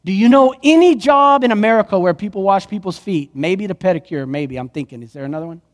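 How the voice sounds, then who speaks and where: A man with a high voice preaching with passion, his words ringing through a large reverberant church hall. He drops to a hush, then surges loud again. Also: expressive, quick pace. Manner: impassioned preaching, swings from hushed to loud. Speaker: pastor. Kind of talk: sermon.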